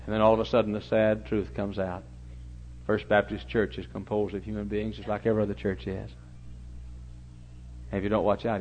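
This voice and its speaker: A middle-aged male pastor preaching a story-driven sermon, swinging from hushed tones to loud exclamations, on a dull lo-fi recording. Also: lowish voice, slight background noise.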